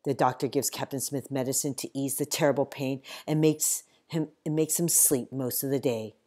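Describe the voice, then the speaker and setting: Woman, audiobook reader, very low voice, measured storybook narration. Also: fairly even intonation, warm tone. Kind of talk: first-person storybook narration.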